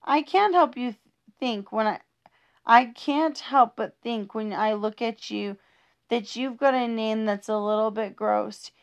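A woman's voice: fairly high pitch, unhurried, clean tone. A woman reading humorous rhyming children's poems aloud in a playful, sing-song rhythm.

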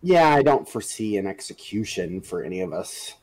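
Male player, hesitant and halting, casual. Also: on the low side, sing-song, a little mellow, rough recording. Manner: hesitant, lots of ums. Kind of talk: tabletop role-play chat.

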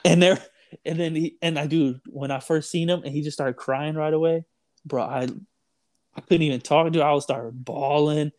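A man's voice: a little high, steady tone, normal speed, darkish tone, no echo. A young man telling a story in casual chat, rambling with lots of "like", "dude" and "bro". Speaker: storyteller guest.

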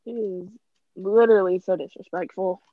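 A woman's voice: mid-range voice, steady tone, moderate pace, dry recording. A young woman co-hosting a casual podcast over a video call, chatty and full of "literally" and "like.". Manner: chatty, says "literally" and "like" a lot, laughs often. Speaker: podcast co-host. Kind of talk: casual chat. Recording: dull, dry lo-fi call audio.

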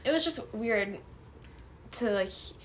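A young woman co-hosting a podcast in casual chat, chatty and quick to laugh, often trailing off. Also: fairly high pitch, lively intonation, a little hiss or hum. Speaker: podcast co-host.

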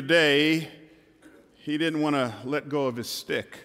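A man preaching a dramatic sermon from a stage in a church hall, shifting between loud and hushed passages. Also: a little high, fairly even intonation, takes it slowly, clean tone. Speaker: pastor.

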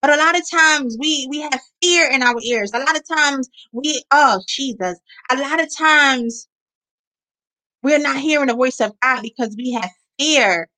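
A woman delivers a sermon with a high, bright voice. She speaks earnestly and repeats her key phrases to drive each point home. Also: a little slow, low-quality recording. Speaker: preacher.

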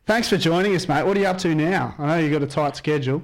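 A man's voice: on the high side, quick pace. A young man hosting a radio show, chatting eagerly and casually with a caller.

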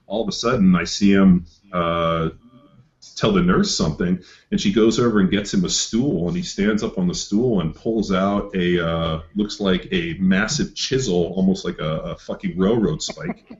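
Middle-aged man, lower voice, profane and animated raconteur; slightly muffled recording. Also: normal speed. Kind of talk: casual storytelling chat. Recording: slightly dull lo-fi audio.

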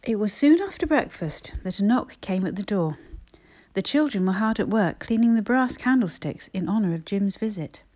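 Mellow-voiced woman reading a storybook. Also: mid-range voice, animated. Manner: gentle, measured storytelling. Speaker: audiobook reader. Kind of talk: scripted storybook narration.

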